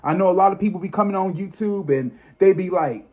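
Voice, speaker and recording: A man's voice: sits high, brisk. A man in his thirties hosting his own video channel, chatting casually with viewers and breaking into emphatic, profanity-laced rants. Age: 30s. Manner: animated, emphatic ranting with frequent profanity; chatty, addresses viewers directly as y'all. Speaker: psychic tarot reader and channel host. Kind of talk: casual vlog talk to viewers.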